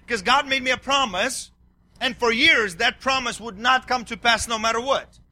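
A middle-aged male pastor preaching a sermon, excitable, swinging between yelling and quiet asides. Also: very high voice, moderate pace, no echo.

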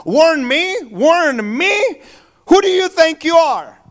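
A man's voice: very high-pitched, animated, a little slow. A man voicing a startled burglar in a told joke, sounding incredulous. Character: startled male burglar caught in the act.

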